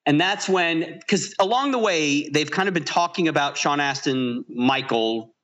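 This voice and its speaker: A man co-hosting a casual film podcast, walking through a movie scene by scene with plenty of laughter. His voice is bright and forward and sits a touch high. He tells the story animatedly. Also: unhurried. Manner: animated retelling with frequent laughs. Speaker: podcast co-host. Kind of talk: casual movie-review chat.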